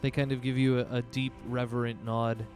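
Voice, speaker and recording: A man's voice: mid-range voice, little pitch movement, fairly quick, a little mellow, soft background music. Rambling man running a tabletop game. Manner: rambling, loose narration with many fillers. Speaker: game master.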